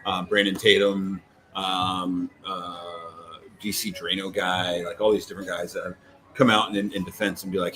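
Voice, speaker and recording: A man's voice: low-pitched, normal speed, a little hiss or hum. Rambling man telling stories casually. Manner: rambling, animated storytelling with many fillers. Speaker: co-host. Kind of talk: casual chat.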